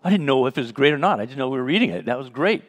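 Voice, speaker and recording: A man's voice: mid-range voice, expressive, rapid-fire. A man leading a Bible study in a conversational teaching style, telling personal stories and acting out the dialogue with a chuckle. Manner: storytelling, acts out remembered dialogue, chuckles.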